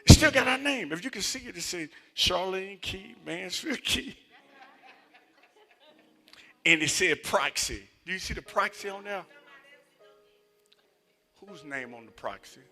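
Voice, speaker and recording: A man preaching a sermon and telling personal stories, moving between loud emphatic passages and hushed near-whispers. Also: sits high, animated, a little slow, creaky, long pauses. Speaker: associate minister. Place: church sanctuary.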